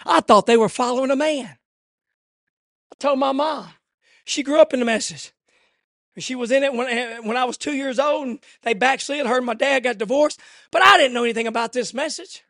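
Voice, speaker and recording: A middle-aged man preaching an impassioned sermon, swinging between shouted fervor and hushed, intimate asides. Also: extremely high pitch, a little fast, gravelly, dry recording, studio quality.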